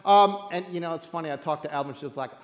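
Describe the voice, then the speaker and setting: High-voiced joking pastor in a hall. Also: male voice, quick pace. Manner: animated, joking, acts out voices and laughs often. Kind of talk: sermon told as a playful campfire story.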